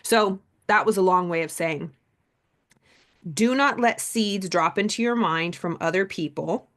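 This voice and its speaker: A middle-aged woman host and mindset coach talking casually on a live stream, animated and chatty. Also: fairly low pitch, unhurried. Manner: animated, chatty, acts out quoted people.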